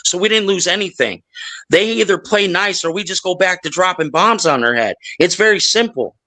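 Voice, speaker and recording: Bright, high-voiced man, blunt and dismissive. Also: moderate pace, poor audio. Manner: dismissive, blunt, swears casually. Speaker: panelist. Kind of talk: heated panel debate.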